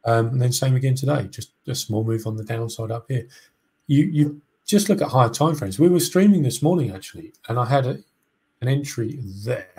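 Husky man explaining trades casually. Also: mid-range voice, a little fast. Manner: relaxed, explains with restarts and fillers. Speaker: co-host trader. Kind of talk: casual trading chat.

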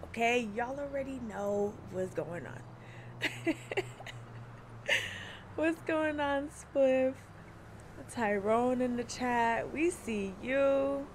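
A woman's voice: on the high side, slight background noise. A young woman streaming live, chatting casually, laughing and greeting viewers by name. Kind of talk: casual livestream chat.

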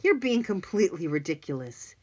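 A woman's voice: lowish voice, sing-song, brisk, darkish tone, husky. Woman doing a blunt teasing boy of eleven, scoffing, bouncy delivery, audiobook character.

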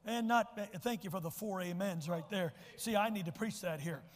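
High-voiced folksy preacher in a reverberant church. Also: male voice, moderate pace. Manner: folksy, emphatic, repeats words when restarting. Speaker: pastor. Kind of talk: sermon. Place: church sanctuary.

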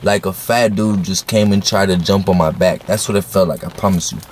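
Low-voiced young man telling a story. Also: fairly even intonation, brisk, a little hiss or hum. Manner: loose, slangy and profane, lots of fillers. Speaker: vlogger. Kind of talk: casual storytime.

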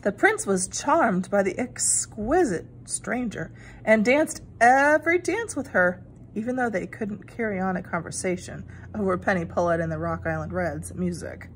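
A woman reading a children's picture book aloud in an expressive, animated way. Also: medium pitch, moderate pace, slight background noise. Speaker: storyteller.

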